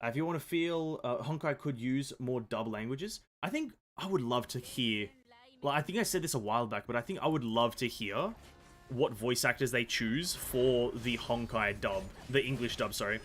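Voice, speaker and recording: A man's voice: medium pitch, lively intonation, normal speed, a bit bright, slight background noise. Rambling Australian man narrating gameplay. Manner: rambling, filler-heavy, self-correcting chatter. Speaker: gaming video host. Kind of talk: casual gameplay commentary.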